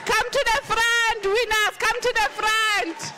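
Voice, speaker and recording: A woman's voice: very high-pitched, steady tone, takes it slowly, soft background music, a faint crowd. A woman hosting an awards ceremony, announcing winners with exuberant, teasing energy. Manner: exuberant, teasing, cheering with shouts. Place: large function hall.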